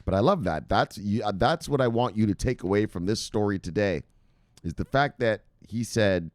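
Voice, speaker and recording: A man's voice: lowish voice, moderate pace, darkish tone, no echo. A man hosting casual crypto news commentary, reading headlines aloud and rambling off into laughing, profane asides.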